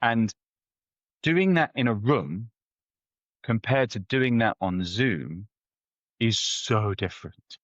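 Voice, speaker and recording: A man, a guest anthropologist, answering interview questions in a conversational, animated storytelling way with frequent restarts. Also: lowish voice, slow, long pauses, no room sound, muffled recording. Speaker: head of ethnography, guest.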